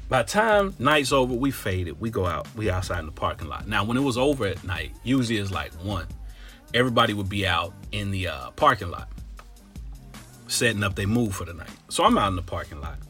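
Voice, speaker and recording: A man from Cincinnati telling a comic story in slangy, profane talk, full of animated asides. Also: on the low side. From Cincinnati, Ohio.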